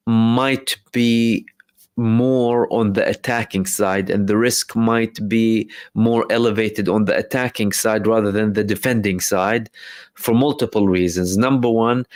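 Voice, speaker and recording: A man's voice: lowish voice, dry recording. Man explaining in a dry close voice. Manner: explanatory, many fillers and restarts. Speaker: live stream host answering viewer questions. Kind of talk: casual live commentary reading chat questions.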